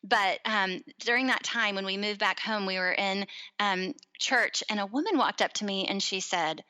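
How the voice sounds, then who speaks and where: A woman's voice: mid-range voice, moderate pace, low-quality recording. A woman in her thirties, a podcast guest, telling a personal story in casual chat and acting out the quoted voices. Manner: animated, acts out quoted voices.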